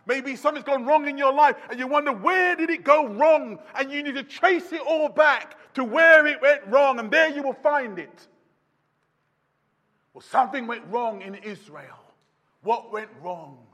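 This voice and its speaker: A man preaching a sermon, swinging from loud shouts down to near-whispers. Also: very high voice, normal speed. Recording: long reverb of a hall.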